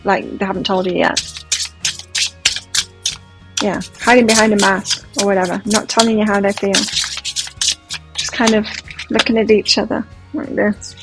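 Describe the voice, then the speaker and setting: A woman's voice: mid-range voice, rough recording. A woman giving a pick-a-card tarot reading in a gushing, emotive, chatty way. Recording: faint music behind. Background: soft background music.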